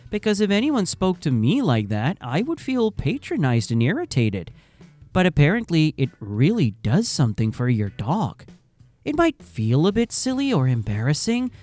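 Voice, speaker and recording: A man's voice: a little high, a little mellow, dry recording. A man giving scripted narration for a video channel, with wry, conversational asides.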